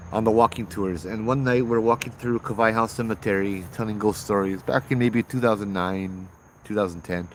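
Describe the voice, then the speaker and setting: A man, casually telling ghost stories on a livestream outdoors at night, chatty and relaxed, greeting viewers and laughing often. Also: lowish voice, a little hiss or hum. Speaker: ghost-story livestream host and former tour guide. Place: outdoors at night with bugs around.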